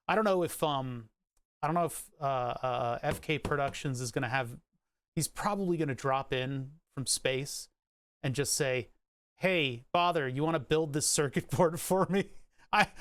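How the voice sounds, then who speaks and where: A man's voice: a little high, fairly bright tone, smooth, no echo. A man streaming live, rambling about electronics in casual, profane chat with frequent restarts and hiccups. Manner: rambling, profane, self-interrupting.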